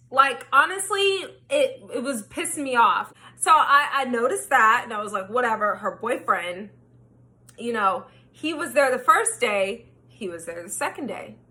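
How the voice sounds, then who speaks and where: Une vloggeuse au timbre clair et éclatant, assez aiguë, raconte une histoire sur un ton animé. Elle jure librement et rejoue ses propres répliques avec entrain. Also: female voice, fairly high pitch. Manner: animated, swears freely, acts out her own quotes. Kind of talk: storytime chat.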